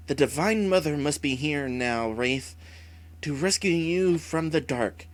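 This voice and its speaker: A man voicing a calm, merciful young male hero who speaks in a measured, earnest way. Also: a little high.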